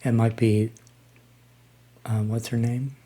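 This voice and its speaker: An older man in his sixties talks slowly and haltingly, pausing on ums and starting over as he reacts to music. His voice sits at an ordinary middle pitch for a man. He sounds relaxed and conversational, as if chatting to his viewers. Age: 60s. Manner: halting and unhurried, frequent ums and restarts. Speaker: reaction channel host. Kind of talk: casual music reaction commentary.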